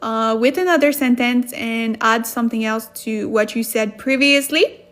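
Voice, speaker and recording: A woman's voice: fairly high pitch, moderate pace, fairly bright tone. A woman teaching a casual livestream lesson, chatting with viewers, reading their comments and laughing often. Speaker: livestream Korean tutor.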